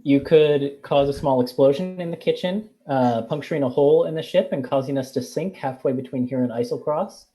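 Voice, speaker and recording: A tabletop player chats cheerfully in character in a mellow, warm voice. The talk runs long and upbeat, at an average pitch. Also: a little fast, few pauses. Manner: cheerful, wordy in-character chatter. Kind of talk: playing a tabletop game.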